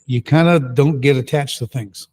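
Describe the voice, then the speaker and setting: Middle-aged man, energetic guest storyteller, mid-pitched, punchy and emphatic. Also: normal speed. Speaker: guest entrepreneur. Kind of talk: casual storytelling.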